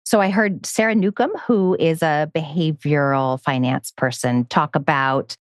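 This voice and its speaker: A woman hosting a podcast, sharing thoughts and asking thoughtful follow-up questions in a relaxed conversation. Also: sits low, unhurried, dry recording, studio quality. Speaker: podcast host.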